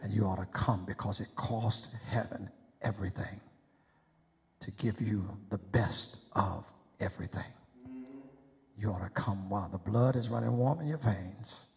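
A preacher man giving an impassioned, pleading sermon invitation in a church sanctuary. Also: lowish voice. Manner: impassioned, pleading, rising to shouts. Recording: echoey church hall.

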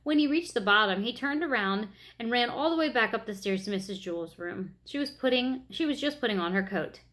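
A woman reading a children's story aloud in a gentle, expressive way. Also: on the high side, brisk.

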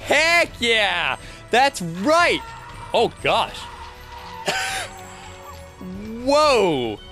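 A young man hosting a let's play, chatting excitedly as he plays, laughing and yelping often. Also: high voice, normal speed, faint music behind. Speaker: gaming channel host.

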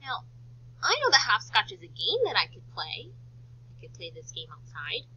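A woman's voice: mid-range voice, sing-song, normal speed, pushed and bright, slightly rough, lo-fi sound. A woman teacher giving a phonics lesson to young children, encouraging and sing-song, sounding out letters.

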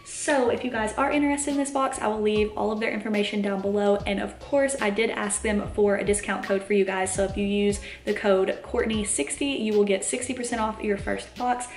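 A woman's voice: medium pitch, fairly even intonation, brisk, few pauses, roomy sound, faint music behind. A young woman vlogging as a mom at home, chatty and candid, a bit tired, laughing often, talking to the camera. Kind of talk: casual vlog chat to camera. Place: home, indoors. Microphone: camera mic.

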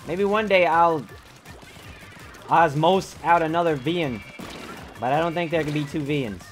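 A man streaming a live game, talking in a theatrical way that swings from low mumbles to sudden yells. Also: a little slow, soft background music.

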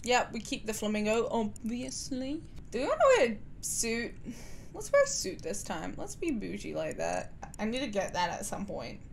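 A woman's voice: a little high, very animated, moderate pace, creaky, slight background noise. A woman streamer chatting playfully and giggling through a game with her viewers. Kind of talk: gaming commentary with viewers.

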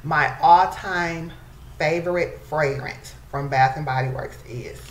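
A woman's voice: sits low, takes it slowly. A woman chatting casually to her viewers in a beauty vlog, calling them y'all. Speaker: beauty vlogger. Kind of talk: casual chat to camera. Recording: echoey room, faint background noise.

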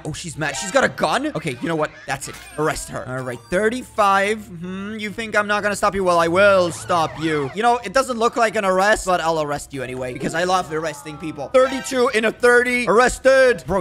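A young man commenting on his gameplay, excitable and jokey, slipping into mock-stern cop bluster. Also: on the high side. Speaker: gaming YouTuber.

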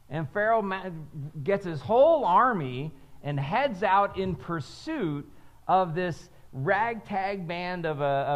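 Male pastor, high animated delivery, unhurried, chatty sermon with call-and-repeat lines. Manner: conversational preaching with frequent "right?" check-ins; has the congregation repeat phrases back.

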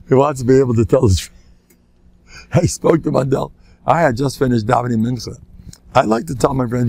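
An older man gives a storytelling lecture as a rabbi, with a gravelly, creaky voice at a middle pitch. He acts out the voices of the people in his stories and laughs at his own jokes. The recording is dry and close. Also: brisk, long pauses, a little mellow, dry recording. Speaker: rabbi giving a talk. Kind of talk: anecdotal lecture.

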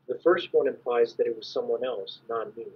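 A man giving a measured, explanatory academic lecture as an invited conference speaker. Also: mid-range voice. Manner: measured, explanatory, clears throat at times. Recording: dull lo-fi recording.

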